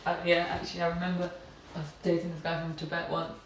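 A woman hosts a podcast in relaxed casual conversation and keeps chiming in to agree. Her voice sits a little low. It sounds far from the mic and washes around a very echoey room with a faint hiss. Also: quick pace. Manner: relaxed, frequent agreeing "yeah" and "mm". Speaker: podcast host.

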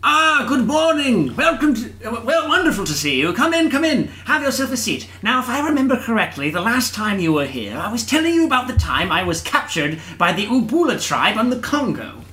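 A man voicing a pompous, old-fashioned gentleman explorer who is really a sea slug, in a put-on posh British accent. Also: very high voice, very animated, fairly quick, hardly any pauses, exaggerated voice. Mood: welcoming. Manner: blustering, grandiose, indignant. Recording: roomy echo.

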